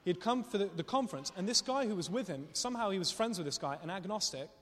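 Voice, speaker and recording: A man preaching a sermon, telling stories in an animated way and laughing often as he speaks. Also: sits high, fast talker. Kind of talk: sermon with storytelling. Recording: long reverb of a hall.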